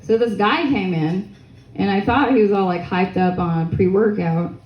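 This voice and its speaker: A woman's voice: mid-range voice, normal speed, muffled recording. A young woman doing a stand-up comedy set, crude, rambling and self-mocking, with audience laughter behind her. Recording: echoey room with faint noise.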